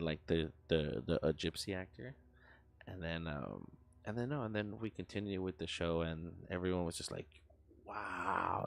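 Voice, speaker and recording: A man's voice: low voice, no echo. A young man streaming live, telling a story in a rambling, profane way, full of fillers and sound effects.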